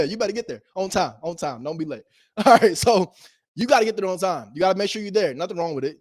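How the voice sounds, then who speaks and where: Brief: male investor-coach, slightly high voice, punchy repetitive motivational delivery, slang, quick laughs. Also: animated, slightly rough, no echo, studio quality. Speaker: real estate investor teaching wholesaling. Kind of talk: motivational casual teaching.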